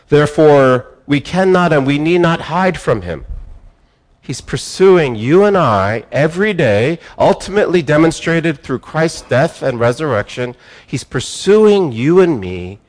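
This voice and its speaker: A man preaching a sermon, building phrases up and dropping them low, pausing, repeating words and restarting himself. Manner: emphatic preaching, rising and falling with pauses. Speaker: pastor.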